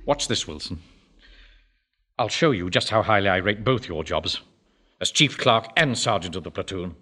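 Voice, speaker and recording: A pompous bank manager. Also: male voice, deep voice, animated, moderate pace, pushed and bright, exaggerated voice. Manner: pompous, self-important, commanding. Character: pompous middle-aged male bank manager and platoon officer. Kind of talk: period sitcom acting.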